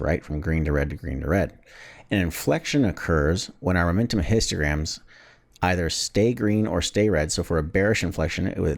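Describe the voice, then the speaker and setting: A man's voice: sits low, creaky. A man teaching a trading lesson, explaining charts in a casual, conversational way with some restarts. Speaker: trading educator.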